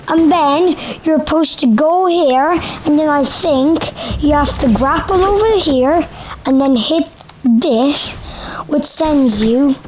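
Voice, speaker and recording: A woman giving hyped gameplay commentary, shouting and chanting repeated words. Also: high voice, a little hiss or hum, poor audio. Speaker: gaming video creator.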